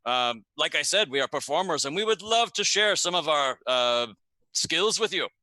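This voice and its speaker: A flustered, flowery traveling performer played by a man in a poor Garundi accent. He pitches his voice well above his usual. It sounds bright and sits close to a dry mic. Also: lively intonation, normal speed, no room sound. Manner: overly polite, flowery, flustered. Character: showman posing as traveling performer Jestil, Reikland.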